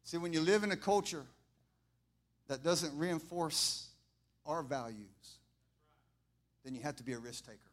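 A middle-aged man preaching an impassioned sermon, building from quiet talk to fervent shouting and repeating his lines. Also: fairly high pitch, a little slow, long pauses. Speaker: pastor.

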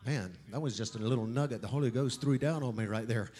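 A man's voice: mid-range voice, fast, hardly any pauses, warm tone, slightly rough. A male pastor preaching a sermon conversationally, emphatic, with joking asides.

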